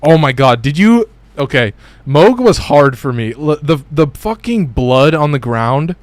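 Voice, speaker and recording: Streaming a game live from his bedroom, a young man chats with his viewers and curses at enemies during fights, recorded on a phone. His slightly high voice is very animated and a little slow. The recording is dry.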